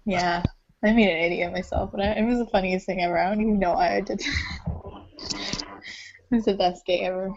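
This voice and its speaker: A woman's voice: mid-range voice, steady tone, normal speed, pauses often, slight background noise. A woman in her late teens, rambling and giggling through stories in a casual group chat on a cell phone. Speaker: community call participant. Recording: dull lo-fi phone audio.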